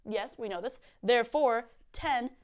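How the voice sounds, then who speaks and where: A young woman with a slightly high voice teaches a Bible lesson on video. She is chatty and bubbly, and she giggles easily as she talks to the viewers. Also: a little slow.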